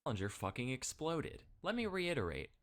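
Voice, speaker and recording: A man giving a deadpan, scripted comedic narration. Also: fairly quick. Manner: dry, deadpan delivery with lively pitch. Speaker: narrator of a comedy history video.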